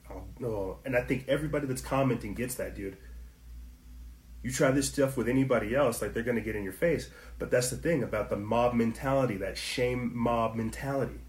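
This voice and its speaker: A man's voice: medium pitch, echoey room. A man hosting a passionate commentary stream, firing off rhetorical questions and talking to his viewers in slangy asides. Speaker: online commentary host. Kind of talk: impassioned livestream commentary.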